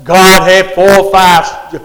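A man's voice: high-pitched, flat delivery, slow pace, fairly bright tone. A man preaching a rambling sermon, his voice swelling and dropping as he repeats himself. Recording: reverberant hall.

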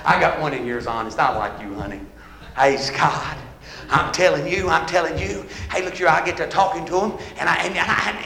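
An older man preaching a revival sermon in a church, folksy and shouting, calling for amens from the congregation. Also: a little high, normal speed, gravelly, roomy sound, low-quality recording. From American mountain South. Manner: folksy, shouting, call-and-response. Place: church sanctuary.

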